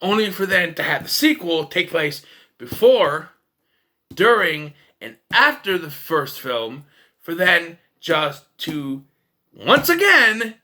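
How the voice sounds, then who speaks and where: A man's voice: high voice, bright, forceful tone. A man casually ranting about a film as a reviewer, profane and sarcastic. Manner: ranting, profane, jumps into mocking voices.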